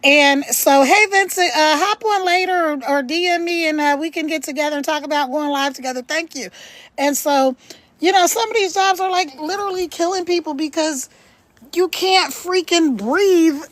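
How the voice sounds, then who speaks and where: A middle-aged woman hosting a live stream from home, telling a story in an animated, chatty way and laughing as she talks, into a phone. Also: high voice, normal speed, no room sound, rough recording. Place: at home, later walking in her backyard.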